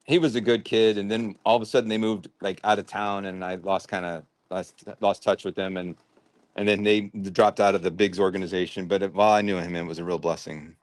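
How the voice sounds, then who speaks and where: A man's voice: deep voice, fairly even intonation, a little fast, no room sound. A man hosting a livestream, chatting casually and thinking aloud while he sorts and packs orders. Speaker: livestream host sorting and packing toy brick orders. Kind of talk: casual chat while working.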